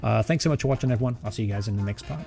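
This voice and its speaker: A young man giving excitable live commentary over a football management game, cheering at goals. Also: fairly low pitch, racing, gravelly, faint music behind. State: out of breath. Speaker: gaming channel host.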